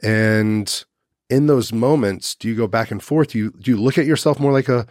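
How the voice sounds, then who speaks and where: A man's voice: medium pitch, moderate pace, darkish tone, no room sound, studio quality. A man hosting an interview, asking thoughtful questions and rephrasing as he goes. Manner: thoughtful, searching, rephrases as he asks. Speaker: podcast host.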